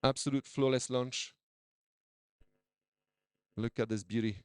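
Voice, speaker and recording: A man's voice: medium pitch, fairly even intonation, slow pace, clear, resonant tone, no room sound. A man, a doctor, giving a conference talk with slides, chatty, with many restarts and repeated words. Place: conference hall.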